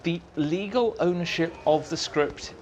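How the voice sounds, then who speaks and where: A man, a writer being interviewed at a fan society, telling lively anecdotes and mimicking people in squeaky voices. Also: unhurried, a little hiss or hum. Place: room at a fan society meeting.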